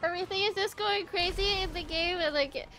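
A woman's voice: very high voice, a little fast, bright, forceful tone. A young woman streaming live, overwhelmed and close to tears, laughing and exclaiming in disbelief. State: near tears.

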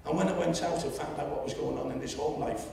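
Seventies Liverpool man, gravelly, public speech, roomy distant hall sound. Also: a little high, quick pace, slight background noise. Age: 70s. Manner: storytelling, rising to loud indignation. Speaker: public meeting speaker. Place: lecture hall. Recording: echoey hall, distant mic.

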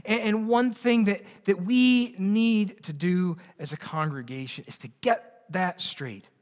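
A male pastor preaching a sermon earnestly, often restarting his words and moving between raised and hushed delivery. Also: high-pitched, unhurried, in a large hall. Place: church sanctuary.

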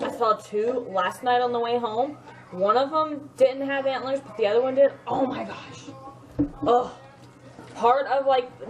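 A woman's voice: a little high, noisy background. A woman with a Southern US accent, chatting to camera in a home vlog in a rambling way, full of fillers. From Mississippi, US. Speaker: vlogger. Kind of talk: casual chat to camera. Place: home kitchen, indoors.

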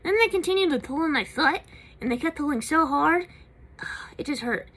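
A woman doing a squeaky, bouncy puppet creature. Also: lively intonation, moderate pace, a bit bright. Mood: aggrieved. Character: puppet creature with a tail, chatty and cheeky. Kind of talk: live puppet performance.

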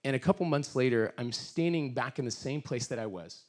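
Delivering a sermon as a guest speaker, a middle-aged man speaks earnestly, narrating a story with quoted voices before guiding a fervent prayer. He has a medium-pitched, darkish voice and talks fairly quickly.

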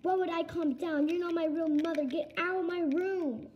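A woman's voice: sits high, slow, highs cut off. A female performer voicing an angry, defiant young pet who has found out it is adopted, in a toy-pet home video role-play. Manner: sulky, yelling back.

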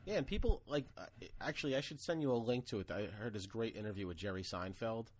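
A man's voice: on the low side, expressive, fast, slight background noise. A man co-hosting a podcast, talking in a casual, rambling way, full of "like" and "you know what I mean", swearing now and then. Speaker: podcast co-host. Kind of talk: casual chat. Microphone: camera, video call.

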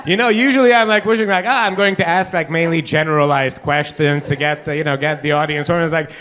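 A man doing stand-up crowd work on a club stage, teasing the audience with quick asides. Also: a little high, steady tone, a bit bright. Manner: teasing, quick asides, frequent put-on quotes. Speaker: stand-up comedian hosting.

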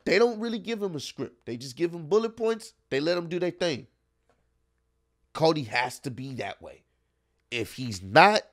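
Guy reacting casually, emphatic, repeats stuff for punch, mid-pitched voice. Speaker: host reacting to wrestling news.

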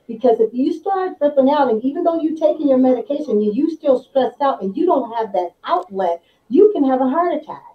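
A woman's voice: high voice, animated, a little fast, hardly any pauses. A woman co-hosting a live panel discussion, chatty and joking as she puts questions to the guests. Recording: echoey, distant, dull sound.

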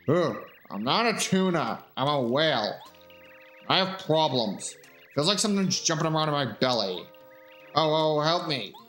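Dude putting on a slow whiny whale, raised a bit higher, game music faint behind. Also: male voice, sing-song, fairly bright tone. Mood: pleading. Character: big whiny male whale with a bellyache.

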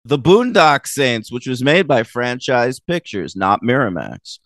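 A man's voice: medium pitch, very animated, unhurried, a bit bright, no echo. A man hosting a film podcast in casual chat, teasing his co-host and blunt in his opinions.

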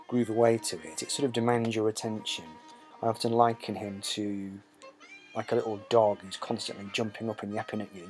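This male host, whose mid-range voice has a darkish tone, rambles through a relaxed conversation about records with plenty of ums and uhs. Music can be heard behind him.

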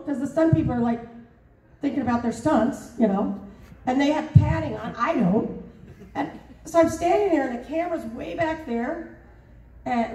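Brief: woman voice actor at a fan panel, lively and laughing, mellow voice, recorded far off in a big echoey hall. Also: high voice. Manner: animated, laughing, lots of fillers. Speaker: voice actor and convention guest. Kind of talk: storytelling at a convention panel. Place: large convention hall. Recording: roomy hall, mic far off.

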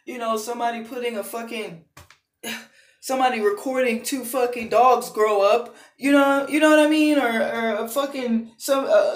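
A man's voice: extremely high pitch, roomy sound. A man ranting heatedly into his phone camera, swearing often and repeating himself. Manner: heated, profane, repetitive. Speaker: channel host. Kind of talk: angry ranting vlog.

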